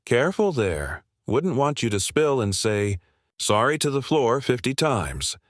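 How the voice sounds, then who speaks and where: A man's voice: mid-range voice, very animated, unhurried, dry recording, studio quality. A man doing a sneering sarcastic barista. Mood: mocking. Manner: sneering, taunting. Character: sarcastic mocking young barista.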